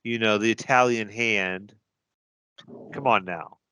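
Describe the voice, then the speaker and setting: In this casual podcast chat, a male co-host argues passionately about movies as a fan. His lowish voice is steady in tone and slow, with a pushed, bright quality and a clean, echo-free sound.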